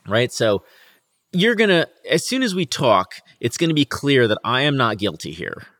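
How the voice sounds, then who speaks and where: A man's voice: medium pitch, very animated, moderate pace, a bit bright, no echo, clean studio sound. A man co-hosting a casual podcast, switching between swearing banter and dramatic readings of old verse. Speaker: podcast co-host. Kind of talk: casual chat with read-aloud lines.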